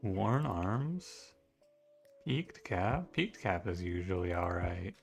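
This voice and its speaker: A man's voice: deep voice, slow pace, vocal fry, soft background music. A man casually commenting on his own game run, talking to the characters and breaking into exasperated outbursts at bad luck. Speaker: video game streamer.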